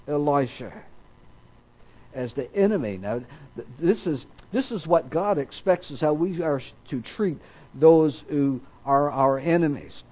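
Male preacher reading scripture, mellow voice, somewhat high, acts out the voices in the story. dull lo-fi recording. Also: animated, measured pace. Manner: reads scripture aloud, acting out the quoted voices with raised pitch; stops to correct himself mid-reading.

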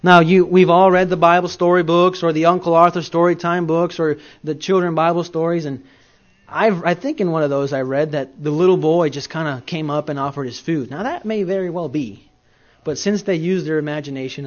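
A man preaching a sermon in a conversational storytelling way, swinging between loud and soft. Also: a little high, brisk, muffled recording.

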